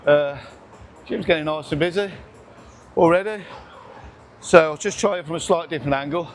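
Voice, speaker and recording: Chatty gym man, slightly high voice. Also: brisk, slight background noise. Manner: chatty, banters, counts reps aloud. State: out of breath between sets. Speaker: gym vlogger. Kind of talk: casual chat while training. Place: busy gym, indoors. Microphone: camera on tripod nearby.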